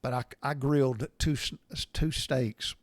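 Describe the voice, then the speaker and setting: A middle-aged man telling folksy stories in a casual podcast monologue, cussing lightly and getting animated at the exciting parts. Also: medium pitch, a little slow, no room sound. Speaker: podcast host.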